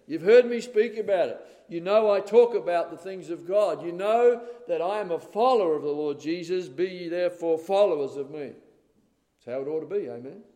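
An older man preaching a sermon in a church, emphatic, with loud stressed words and calls of "amen?". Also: sits high. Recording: reverberant hall.

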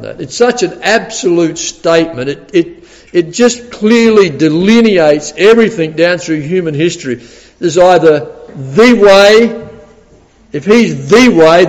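A man preaching a sermon with a voice pitched well above most men's. He sounds animated, doubles his words as he restarts, and keeps turning questions to the congregation. His voice rings through a large church with a long reverb.

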